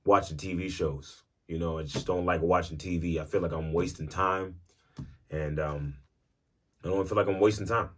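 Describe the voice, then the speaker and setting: A young man hosting a casual rambling podcast at home, recorded on a phone, talking in an animated, jokey way that slips into sung bits. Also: deep voice. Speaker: podcast host. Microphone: phone mic.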